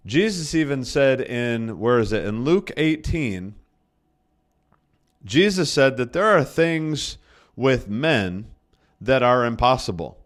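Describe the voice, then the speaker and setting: A man's voice: mid-range voice, animated, slow. A man, a pastor, preaching a sermon in a conversational way, restating his points for emphasis and often correcting himself mid-sentence. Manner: frequent self-corrections and restarts.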